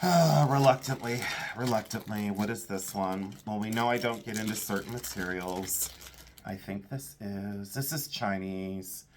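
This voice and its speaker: A man's voice: fairly low pitch, fairly even intonation, unhurried, background noise. Chatty man sorting jewelry aloud. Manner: enthusiastic, thinks aloud while sorting. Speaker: vintage jewelry seller. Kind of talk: casual unboxing commentary.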